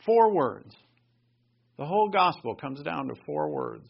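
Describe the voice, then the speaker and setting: A man's voice: on the high side, huge pitch swings, measured pace, gravelly, slightly rough, highs cut off. A man teaching the Bible in an emphatic, conversational way, thinking aloud and restarting his sentences.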